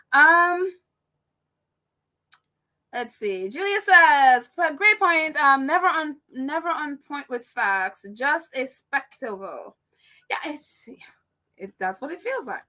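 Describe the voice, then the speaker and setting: Bright, high-voiced Caribbean woman host. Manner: chatty, reads viewer comments aloud, laughs often. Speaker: live-stream host. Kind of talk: live-stream chat commentary.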